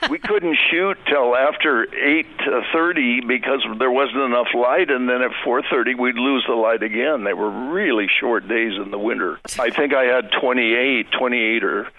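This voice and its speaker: Older American man on a tinny phone line. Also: mid-range voice. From United States. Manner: folksy, drawn-out storytelling with chuckles. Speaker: guest. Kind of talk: casual interview chat. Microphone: phone call.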